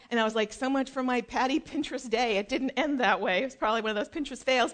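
A middle-aged woman with a high voice, talking casually about raising children. She is chatty and animated, acting out family moments, and often restarts her sentences along the way. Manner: animated, acts out family anecdotes; chatty with many fillers and restarts. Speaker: mother giving parenting advice. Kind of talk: casual storytelling talk.

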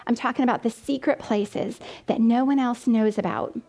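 A woman's voice: fairly high pitch, moderate pace, warm tone. A woman in her forties giving an earnest, emotional faith talk full of personal parenting stories.

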